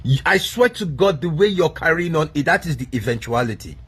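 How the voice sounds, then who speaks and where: Heated husky man ranting. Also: fairly high pitch, lively intonation, brisk, fairly bright tone. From Nigeria. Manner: heated, swearing, repetitive. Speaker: online commentator. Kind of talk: angry rant to camera.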